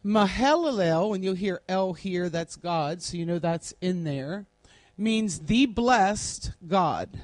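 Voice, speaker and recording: A woman teaching a Bible class in a classroom, deliberately spelling out word meanings one at a time while she writes on a board. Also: fairly low pitch, animated, dry recording.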